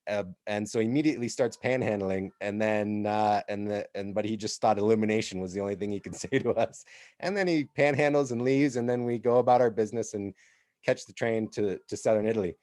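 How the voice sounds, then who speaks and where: A podcast co-host from the United States tells a rambling story in a casual way. His voice sits low. The recording is dry and close. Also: fairly quick, a little mellow, dry recording. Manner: rambling, with frequent restarts and laughs.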